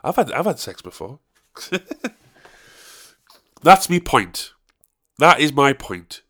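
A man's voice: fairly high pitch, big pitch swings, very slow, pushed and bright, husky. A young man from the North of England with a Northern English accent, ranting casually and swearing, with many repeated restarts. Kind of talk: casual monologue.

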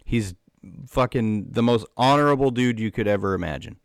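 A man's voice: mid-range voice, normal speed, clear, resonant tone, no room sound, studio quality. A man in a casual conversation, explaining eagerly with lots of "um" and "like". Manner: enthusiastic explainer, many fillers like "um" and "like".

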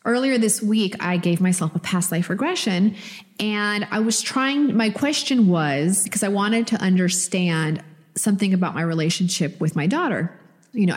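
A middle-aged woman with a somewhat low voice talks casually as a podcast co-host. She tells her story with animated, expressive energy. Her voice carries a long reverb from the room.

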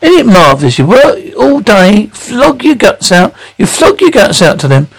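Moany cockney dad in a sitcom, gravelly, all bluster and self pity. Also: male voice, sits high, sing-song, moderate pace, heavily acted, rough recording. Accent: Cockney London. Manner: blustering, whining complaints. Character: grumpy loud-mouthed working-class father, middle-aged, self-pitying. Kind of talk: studio sitcom radio soundtrack.

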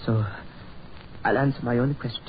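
A man's voice: medium pitch, steady tone, moderate pace, natural voice. An actor playing a grave, brooding Frenchman in a 1940s radio drama, with a French accent. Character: grim French man Rene, stranded in the past. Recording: dull old radio recording, faint hiss.

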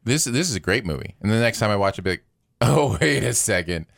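A young adult man co-hosting a casual movie podcast, enthusiastic and animated as he tells stories. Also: on the low side, fast, creaky, dry recording, clean studio sound. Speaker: podcast co-host.

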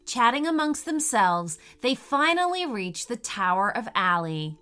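A woman reads a children's story aloud in a high, bright, sing-song voice. She takes her time, letting each line swoop up and down expressively, with faint music playing underneath. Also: sing-song, a little slow, hardly any pauses.

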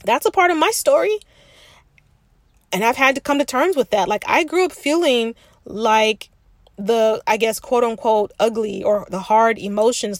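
A woman's voice: a little high, no echo, studio quality. A woman hosting a candid self-help podcast, talking frankly and reflectively to the listener as if to a sister, thinking aloud with restarts. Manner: frank, confiding, addresses listener as sis. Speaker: podcast host.

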